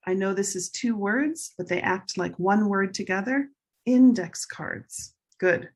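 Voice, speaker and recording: A woman teacher slowly and carefully drilling English pronunciation in a recorded lesson. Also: medium pitch, creaky, slightly rough. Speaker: ESL teacher.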